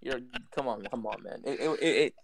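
A man's voice: medium pitch, fairly quick, vocal fry. A man co-hosting a casual podcast, ranting bluntly and swearing freely. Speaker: podcast co-host. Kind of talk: casual wrestling podcast chat.

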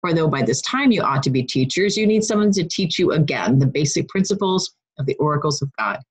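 A woman's voice: low voice, lively intonation, fairly quick, breathy edge, low-quality recording. A woman teaching a Bible study lesson in a casual, chatty way. She often breaks off to correct herself, and she has a runny nose. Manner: chatty, self-interrupting, laughs at herself.

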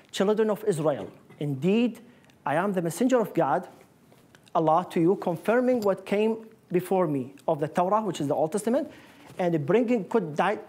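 A man's voice: high voice, darkish tone, husky. A man giving a public lecture with slides, explaining in earnest with non-native phrasing. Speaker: guest lecturer. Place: lecture room.

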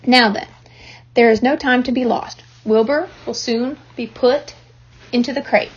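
A woman voicing a calm, wise female spider, heard on a dull lo-fi recording. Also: fairly high pitch, a little hiss or hum, lightly acted. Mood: brisk. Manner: calm and deliberate.

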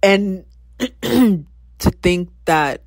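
A podcaster in their twenties talks through a personal story in a candid, reflective way, with sudden bursts of exclamation. The voice sits at a middle pitch and sounds close and dry, with no room echo. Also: animated, extremely slow, vocal fry. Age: 20s. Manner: reflective, reenacts past conversations with sudden exclamations. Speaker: podcast host.

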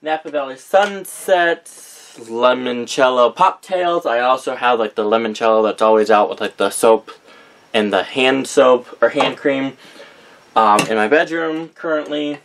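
A man's voice: medium pitch, unhurried, a bit bright. A young man chatting casually in a vlog, reading out a list of names and often correcting himself as he goes. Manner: rambling, reads out names with frequent self-corrections. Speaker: vlogger showing a candle collection. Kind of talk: casual chat.

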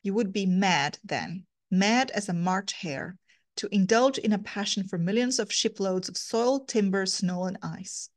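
A sardonic, contrary Englishman who scoffs at every sentiment, read out by a woman. His retorts come dry and cutting, at a middling pitch. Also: a little slow, natural voice. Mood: scoffing.

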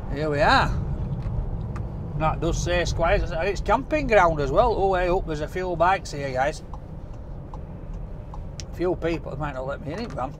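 A Yorkshire man hosting a food vlog, chatting and joking to the camera as he drives. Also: fairly high pitch. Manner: jokey, chatty, talks to the camera. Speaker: food vlogger host. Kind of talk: casual vlog chat while driving. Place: inside a car on country roads. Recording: road noise from a moving car.

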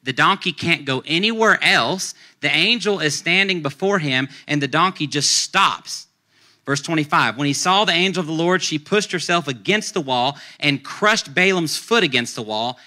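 A male pastor preaching a sermon, retelling a story in a lively, conversational way and acting out the characters' lines. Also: a little high. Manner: conversational, uses casual slang.

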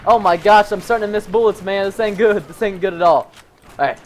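A young man hosting a gaming channel, giving excitable gameplay commentary with lots of laughing and goofy stand-ins for swear words. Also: sits high, fairly quick, slight background noise. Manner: jumpy, laughing, mild cussing substitutes.

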